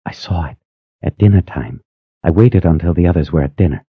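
A man voicing a frightened young woman who pleads in a high, breathless voice. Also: a little fast, slightly rough, no room sound. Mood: eager. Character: frightened young woman, nervous, eager to please. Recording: slightly muffled dry recording.

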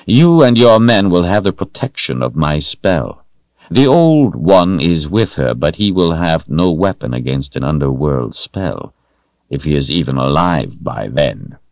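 A man voicing a cold, commanding male sorcerer lord who speaks in a calm, measured, menacing way. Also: rumbling low, no echo, full character voice.

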